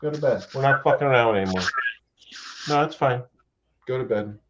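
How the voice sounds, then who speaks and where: A man's voice: mid-range voice, brisk. A man hosting a casual late-night livestream, rambling and swearing freely as he chats with guests. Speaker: livestream host. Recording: dull lo-fi stream audio with faint hiss.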